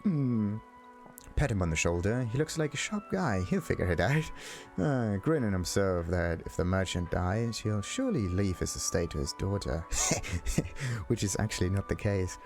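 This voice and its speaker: A man's voice: lowish voice, big pitch swings, normal speed, a little mellow, soft background music. A man hosting a game let's play, casually reading dialogue options aloud, chuckling and musing to himself. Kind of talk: casual gameplay commentary.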